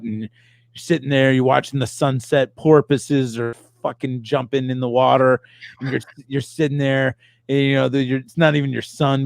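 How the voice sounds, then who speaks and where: A man's voice: mid-range voice, vocal fry, darkish tone, no echo, studio quality. A man co-hosting a comedy podcast in casual chat, wandering through long rambling hypotheticals. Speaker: podcast co-host.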